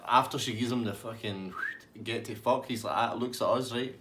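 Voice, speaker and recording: A man's voice: fairly low pitch, steady tone, a little fast, a bit bright, a little hiss or hum. A man with a Scottish accent telling a comic anecdote in a rambling, laughing way. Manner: rambling, laughing through the story. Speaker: storyteller.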